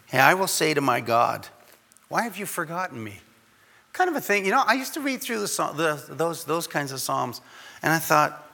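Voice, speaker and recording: A man's voice: medium pitch, bright, forceful tone, big-room sound. A man preaching a sermon in a conversational way, acting out the voices of the people he quotes. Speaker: pastor.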